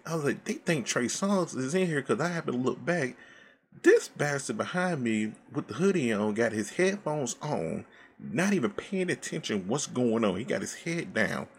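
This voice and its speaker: A man telling a casual, profane story from his old job, animated and laid back, full of slang. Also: medium pitch, creaky, slight background noise. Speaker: storyteller recounting past work.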